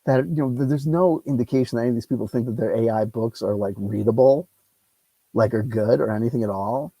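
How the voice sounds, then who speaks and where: Speaking fairly quickly in a mellow, mid-range voice, this channel host plays a solo tabletop game on a lapel mic. The recording is dry and low quality, and his casual commentary rambles and rants with free swearing.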